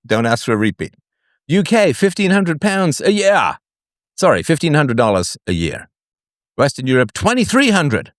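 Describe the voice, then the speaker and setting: A man's voice: a little high, no echo, clean studio sound. A man hosting a live solo show, reading out figures with sarcastic, mocking asides. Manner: jokey asides between figures read out. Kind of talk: solo livestream monologue.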